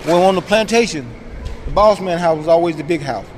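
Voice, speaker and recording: A man's voice: a little high, a little fast. A man telling stories in a casual chat, acting out voices as he goes. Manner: animated storyteller, acts out voices. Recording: noisy outdoor street recording.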